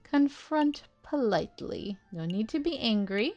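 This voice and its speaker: A woman's voice: a little high, very animated, measured pace, darkish tone, dull audio, soft background music. A woman hosting a game playthrough, giving playful, giggly asides in casual commentary. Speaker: let's play host.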